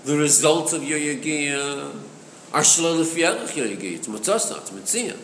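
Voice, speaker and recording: Guy teaching torah text, bit high voice, asks and answers himself, echoey hall, faint hiss. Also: lively intonation, normal speed, a bit bright. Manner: explains with rhetorical questions, mixes Hebrew terms into English. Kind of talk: chassidic text study. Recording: echoey room with long reverb, faint noise.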